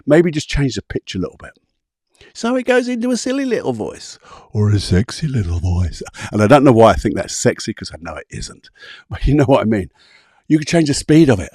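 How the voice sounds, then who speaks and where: A husky-voiced man hosts a solo coaching talk, guiding listeners through visualisation exercises one step at a time. His tone stays conversational and easygoing, and the recording is dry and close. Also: mid-range voice, very animated, a little fast, a little mellow, no room sound. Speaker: podcast host and coach.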